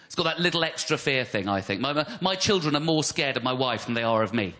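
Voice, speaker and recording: An Englishman from West London performs a self-deprecating stand-up set on a live comedy stage, stammering and repeating himself. His mid-range voice is lively in intonation, quick, pushed and bright, and the live recording catches audience laughter.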